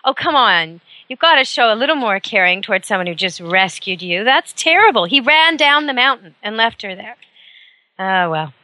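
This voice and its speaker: A woman's voice: medium pitch, animated, normal speed, pushed and bright, dry recording. A woman hosting a talk radio show, telling a story in an emphatic, opinionated monologue.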